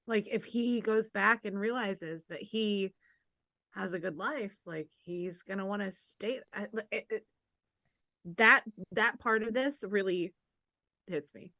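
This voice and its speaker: Excitable woman podcast co-host. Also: medium pitch, slow pace, dry recording, studio quality. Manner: excitable, swears casually, restarts often. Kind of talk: casual chat reviewing a TV episode.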